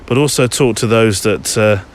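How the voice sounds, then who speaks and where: Out on a woodland walk, a man hosts his podcast in a loose, rambling way full of fillers. He speaks at a normal speed in a lowish voice, and a faint hiss or hum is audible.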